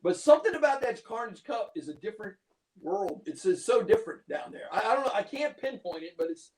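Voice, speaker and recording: High-voiced male interview host. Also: sing-song, a little mellow, poor audio. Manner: eager, quick to agree. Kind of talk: casual chat.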